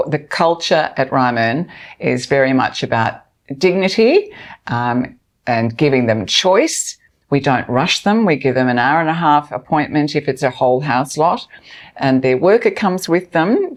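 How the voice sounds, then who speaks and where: A middle-aged woman, a charity organiser talking as a guest in an interview, earnest and animated as she tells stories. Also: a bass voice, moderate pace. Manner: earnest, animated storytelling with laughs.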